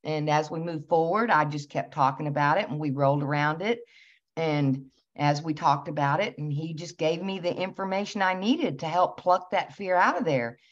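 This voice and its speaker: A woman host telling a personal story in a casual, animated way, laughing as she recounts it. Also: low voice, normal speed. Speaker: channel host. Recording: slightly dull lo-fi recording.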